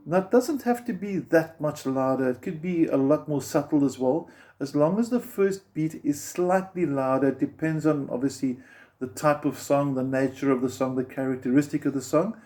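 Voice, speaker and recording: A patient male guitar teacher with a slightly high, mellow voice, walking beginners through each step and counting beats aloud. Faint guitar strumming sits underneath his speech. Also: normal speed.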